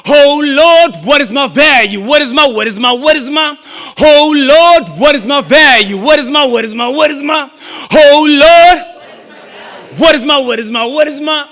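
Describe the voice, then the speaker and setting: Young man, spoken word performer, high voice, storytelling into chanted verse, long church echo. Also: unhurried. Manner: conversational storytelling building to chanted, shouted verse. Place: church, live event. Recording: echoey church hall.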